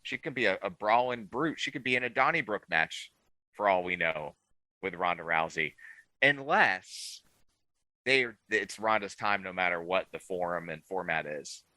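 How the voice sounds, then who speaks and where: A man co-hosting a podcast in casual chat, telling his takes as an animated storyteller who swings his voice up and down. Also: low voice, normal speed, no echo, rough recording. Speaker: podcast co-host.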